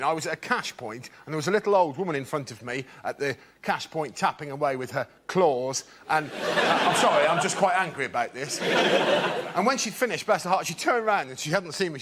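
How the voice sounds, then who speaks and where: A man's voice: sits high, heavy background noise. Mock-indignant man doing stand-up. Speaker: comedian. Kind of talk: stand-up routine on a panel show.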